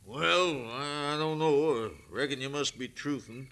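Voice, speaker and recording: An actor playing a suspicious frontier rancher with a folksy drawl in an old radio drama. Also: male voice, on the high side, unhurried, pushed and bright. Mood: wary. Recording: old radio recording with music.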